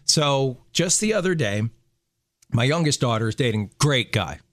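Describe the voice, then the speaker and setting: A man's voice: medium pitch, animated, moderate pace, dry recording, clean studio sound. Earnest man radio host. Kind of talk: radio show talk. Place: radio studio.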